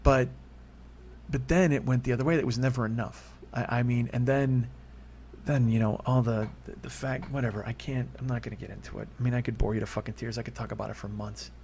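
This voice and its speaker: In a confessional monologue, a forties-aged man rambles candidly through a personal story, his mid-range voice fairly quick, fairly even and a little mellow, with vocal fry. It spikes up when he gets worked up, over a little hiss or hum.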